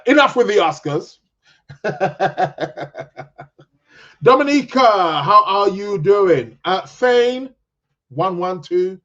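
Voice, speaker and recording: A man's voice: mid-range voice, lo-fi sound. A man hosting an astrology podcast, chatting casually and reading out viewer comments in a rambling, joking way. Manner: rambling, jokey, self-interrupting.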